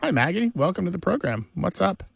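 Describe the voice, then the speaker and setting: Man, radio co-host, brisk and questioning, close dry mic. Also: sits high, sing-song, vocal fry, breathy edge, dry recording. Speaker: co-host of a language radio show. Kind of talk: radio talk show chat.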